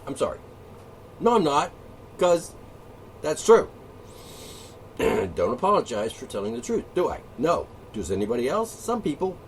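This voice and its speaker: A man's voice: mid-range voice, big pitch swings, moderate pace, long pauses. A man hosting his own monologue channel, ranting in a profane, combative and mocking way. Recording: distant mic, faint background noise.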